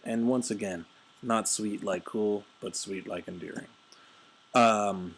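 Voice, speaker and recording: A man's voice: lowish voice, takes it slowly, husky. A man giving casual, rambling, jokey commentary while playing a card game. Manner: rambling, jokey, many fillers and asides.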